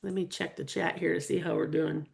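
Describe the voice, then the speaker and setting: A woman's voice: fairly low pitch, steady tone, brisk, vocal fry, darkish tone. A middle-aged woman coaching real estate agents in a live webinar, earnest and openly emotional as she talks to viewers.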